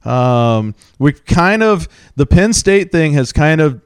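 Casting note: male radio host, relaxed, chatty, smooth clean tone, close dry studio mic. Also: on the high side, slow pace, no room sound. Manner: easygoing, chatty, trails into asides. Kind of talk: casual radio chat.

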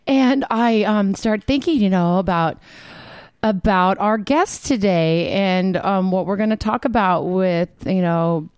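A woman hosting a podcast in casual chat. She is excitable and emotional, and she laughs often. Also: mid-range voice, measured pace, clear, resonant tone, no echo, studio quality. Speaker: podcast host.

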